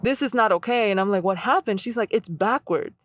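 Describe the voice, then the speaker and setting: A woman's voice: medium pitch, brisk. A woman tattoo artist on a podcast, telling stories casually and acting out what people said. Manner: animated, acts out quoted voices. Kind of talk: casual storytelling.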